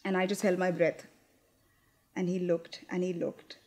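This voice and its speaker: A woman's voice: on the low side, little pitch movement, unhurried, a little mellow. Candid young woman in a stage monologue. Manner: candid, confiding, wry, with hesitant restarts. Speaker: actress. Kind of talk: theatrical monologue.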